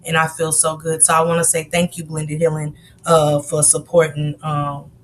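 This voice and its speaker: Woman host, under the weather, lowish voice, casual stream chatter, faint rumble behind. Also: completely flat delivery, moderate pace. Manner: greets viewers by name with a warm sisterly chatter. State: sick with a cold, coughing and sneezing. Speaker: livestream host. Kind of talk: casual livestream chat.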